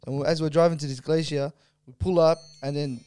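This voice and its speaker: Young Australian man, quick animated storyteller, dark tone, dry close sound. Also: on the high side, slight background noise. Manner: animated storyteller, slangy, says "bro" a lot. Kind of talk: casual storytelling chat.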